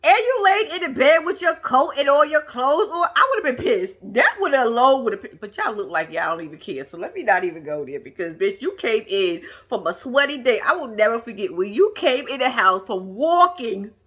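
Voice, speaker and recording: A woman's voice: a little high, big pitch swings, fairly quick, few pauses, a bit bright, husky. A woman casually recapping a reality TV episode for her viewers, chatty and profane, calling them y'all and laughing a lot. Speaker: TV reaction vlogger.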